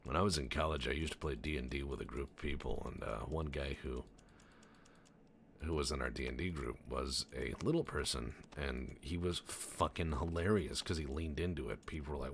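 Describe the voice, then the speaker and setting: Gamer commentator, man, very deep gravelly voice, wisecracking and rambling, faint noise behind. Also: fairly quick. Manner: joking, profane, rambling storyteller. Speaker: gameplay commentator. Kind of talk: casual let's-play commentary.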